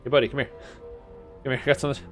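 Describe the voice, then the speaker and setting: Young male streamer, mid pitch, casual and amused, faint game music behind. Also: very fast. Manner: chatty, amused, excitable bursts. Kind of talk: casual gameplay commentary.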